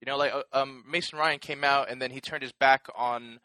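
A man's voice: mid-range voice, fairly even intonation, fairly quick, sharp tone, no echo, rough recording. A man co-hosting a casual podcast chat, rambling with lots of fillers and the odd swear. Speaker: podcast co-host.

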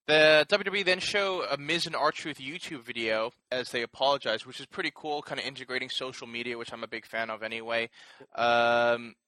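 A man's voice: medium pitch, steady tone, fairly quick, hardly any pauses, bright, forceful tone, no room sound, low-quality recording. A man co-hosting a casual podcast chat, rambling with lots of fillers and the odd swear. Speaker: podcast co-host.

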